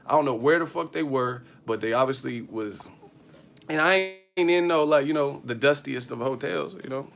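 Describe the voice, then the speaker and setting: A man talking off the cuff on a livestream, full of swearing and quick asides that keep tumbling into laughter. His voice is bright and forward, and he sits around a middle pitch for a man. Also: gravelly. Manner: profane, animated storytelling with frequent laughter. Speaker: boxing livestream host. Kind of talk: casual livestream rant.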